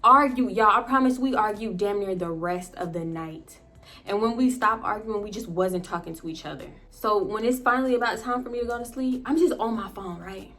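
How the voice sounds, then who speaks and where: A woman vlogger telling a personal story in a casual, animated way, often turning to her viewers and laughing. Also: mid-range voice, brisk.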